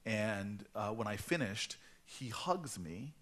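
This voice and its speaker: A man in his forties telling a story to a live audience at a book event, animated and acting out the voices he quotes. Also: lowish voice, slow pace. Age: 40s. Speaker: author speaking at a book event.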